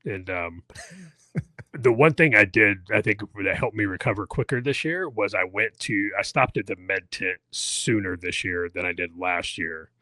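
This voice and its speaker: A man's voice: lowish voice, measured pace, sharp tone, no room sound. A man in his forties telling a long, self-mocking story in casual podcast chat, full of fillers and restarts. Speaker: podcast co-host. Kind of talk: casual chat, recounting an endurance event.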